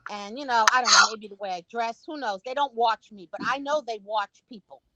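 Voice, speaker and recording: An older woman with a New York accent, chatting casually on a livestream and telling lively stories. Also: on the high side, a little fast, dry recording, poor audio. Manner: animated storyteller who acts out quotes. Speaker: guest on a livestream. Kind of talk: casual chat.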